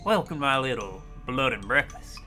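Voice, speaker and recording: A man's voice: mid-range voice, lively intonation, moderate pace, bright, forceful tone. A man voicing a sinister grinning male butcher host who lisps and stresses words oddly, with faint music behind. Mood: creepy. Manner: creepy, odd word emphasis.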